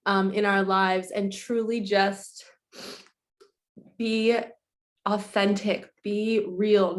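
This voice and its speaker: A woman hosting a casual spiritual card-reading vlog, emotional and tearful, talking straight to her viewers in a chatty, heartfelt way. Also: mid-range voice. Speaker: spiritual coach and host.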